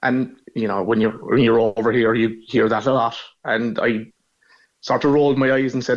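A man's voice: medium pitch, steady tone, moderate pace, dull audio. A man in his forties with a northside Cork accent, a caller telling stories in a frank, easygoing way. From Ireland. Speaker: caller living abroad. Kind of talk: casual phone interview.

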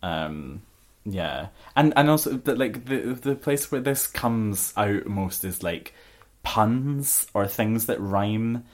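A man's voice: fairly low pitch, animated, slow pace. A young Scottish man co-hosting a podcast, chatting casually with many fillers and frequent laughs. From Scotland. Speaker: podcast co-host. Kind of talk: casual chat.

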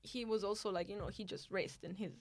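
A woman's voice: medium pitch, a little fast. A woman born in Italy, an off-road racing driver, telling stories in a casual interview, acting out quotes and laughing often. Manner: animated, acts out quoted voices, laughs often.

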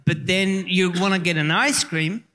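A man from Venezuela with a Venezuelan Spanish accent, a native Spanish speaker, telling animated stories as a guest on a live comedy panel, repeating words and swearing freely. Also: high voice, normal speed. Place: festival stage before an audience. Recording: live stage with long hall reverb.

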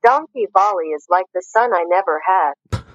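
A voicemail caller doing a crude, cheeky impression of an elderly queen, with a husky voice. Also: medium pitch, moderate pace, no room sound, highs cut off, lightly acted.

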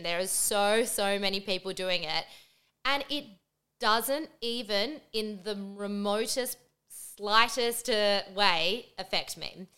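A woman's voice: medium pitch, bright, forceful tone, clean tone. A woman in her twenties with an Australian accent, telling a personal story to camera in a chatty way, her phrase ends curving upward in a sing-song lilt. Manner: chatty, lots of "like" fillers. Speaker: vlogger.

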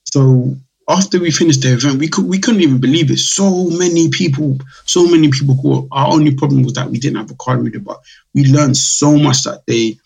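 Gravelly husky man. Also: medium pitch, fairly quick, a little mellow, rough recording. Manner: chatty storyteller, acts out customers' voices. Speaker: guest, drinks brand founder. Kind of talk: casual podcast interview.

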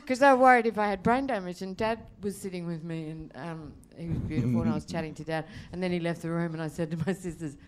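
A woman's voice: lowish voice, fast, few pauses, a little hiss or hum. A woman in her fifties, a comedian telling crude stories with lots of laughter on a live podcast. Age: 50s. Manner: laughing, crude, animated storytelling. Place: bar with a live audience.

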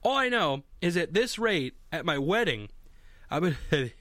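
Rambling young man, lively voice. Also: fairly high pitch, measured pace, dry recording, clean studio sound. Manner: rambling, swearing, self-mocking. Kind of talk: casual solo monologue. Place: home basement.

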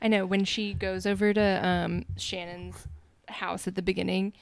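Podcast woman, mid voice, relaxed chatty, dry close mic. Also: mid-range voice, normal speed, creaky, smooth, no room sound. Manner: easygoing, agreeing, quotes people in voices. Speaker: podcast co-host. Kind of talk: casual chat.

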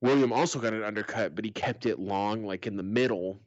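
Laughing, profane middle-aged man, low voice. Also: fairly quick, no echo, lo-fi sound. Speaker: podcast co-host. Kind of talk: casual chat.

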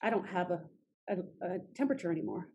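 A woman in her thirties telling her own story in an interview, halting often with restarts and fillers. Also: lowish voice, animated, a little mellow, breathy edge.

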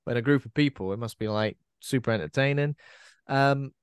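A man's voice: medium pitch, brisk, clear, resonant tone, no echo, studio quality. A man hosting a podcast, talking casually about a horror film and often ending on tag questions. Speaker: podcast host.

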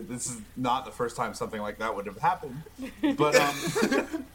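A man's voice: medium pitch, huge pitch swings, measured pace, a loud crowd. A man casually telling a rambling story, laughing often. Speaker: podcast co-host.

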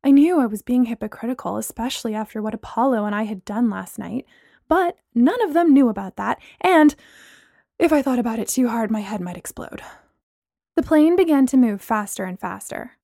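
A woman's voice: a little high, lively intonation, moderate pace, vocal fry, warm tone, dry recording, studio quality. A woman narrating a first-person novel as an audiobook, voicing the dialogue.

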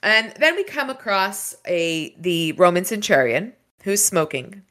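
A woman's voice: medium pitch, big pitch swings, a little slow, a bit bright, slight background noise. A woman hosting a casual book discussion, retelling the story with enthusiasm. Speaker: podcast host.

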